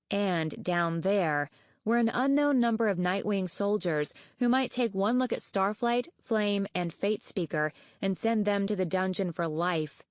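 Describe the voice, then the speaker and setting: A woman narrating an audiobook in a steady, even storytelling manner. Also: mid-range voice, dry recording, clean studio sound.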